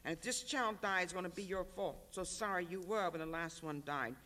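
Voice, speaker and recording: A reader voicing a pregnant country wife, torn between defiance and prayer, in a live reading of a novel. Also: male voice, high-pitched, a little fast, bright, forceful tone, in a large hall. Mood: defiant.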